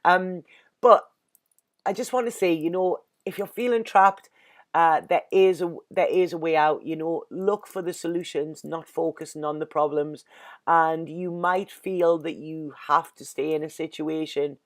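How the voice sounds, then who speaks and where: A woman's voice: sits low, steady tone, measured pace. A woman with an English accent giving an earnest, emotional tarot reading in casual speech, constantly saying "you know" and sounding close to tears. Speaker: tarot reader.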